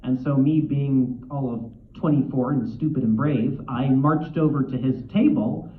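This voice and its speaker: A man in his thirties, a guest author on a convention panel, telling stories in a quick, animated way and often correcting himself mid-sentence. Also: medium pitch, slight background noise. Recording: echoey, tinny, from far off.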